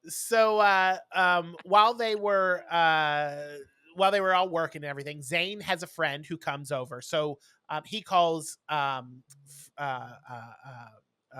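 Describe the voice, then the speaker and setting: Bright-voiced man recapping, full of ums. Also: fairly high pitch, dry recording. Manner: rambling, lots of ums and uhs. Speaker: podcast co-host. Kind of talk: casual chat, recapping an episode.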